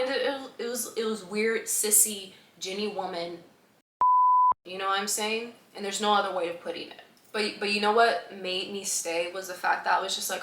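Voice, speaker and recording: A young woman vlogger telling a personal story in a lively, laughing way, acting out the voices of the people in it. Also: mid-range voice, normal speed, roomy sound.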